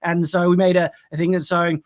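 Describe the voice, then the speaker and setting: A man's voice: sits high, level tone, fairly quick. A man hosting a casual live stream, upbeat and laughing often as he reads out donations.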